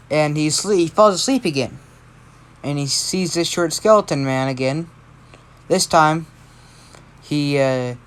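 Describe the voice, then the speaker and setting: A tired amateur storyteller improvises a fan story. The delivery rambles and keeps backing up to correct itself, at an ordinary middle pitch. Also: smooth. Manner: rambling, self-correcting, unscripted.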